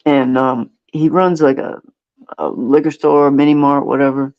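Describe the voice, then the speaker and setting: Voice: mid-range voice, fairly even intonation, moderate pace, dry recording. Podcast host, casual storyteller who acts out quotes, laughs a lot; dull, dry lo-fi audio. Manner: laughs often. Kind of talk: casual chat.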